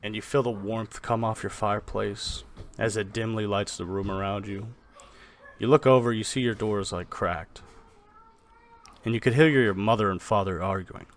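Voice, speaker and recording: A man's voice: lowish voice, fairly even intonation, normal speed. A man narrating a tabletop game as game master, in a loose style full of fillers. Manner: loose, with many fillers like "kinda" and "like".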